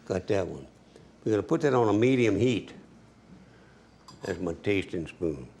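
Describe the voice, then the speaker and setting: A man's voice: on the low side, lively intonation, moderate pace, gravelly, a little mellow. A man giving a cooking demonstration as a home cook, folksy and chatty, talking straight to the viewer.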